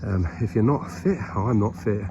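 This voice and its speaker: Speaking at a moderate pace in a lowish voice, a man records a walking vlog at a historic hilltop site beside a graveyard. He's breathless, chatty and rambling, making fun of himself, while birdsong and background noise fill the scene.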